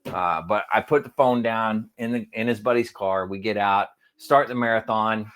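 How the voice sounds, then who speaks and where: A man telling a long funny story in casual chat as a podcast co-host, acting out quotes with sudden jumps in voice. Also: normal speed. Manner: animated, acts out quotes with big pitch jumps.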